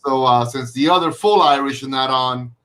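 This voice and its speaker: A man's voice: mid-range voice, normal speed, fairly bright tone, slight background noise. A man hosting a casual live video-call chat, rambling with frequent fillers and restarts. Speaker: host.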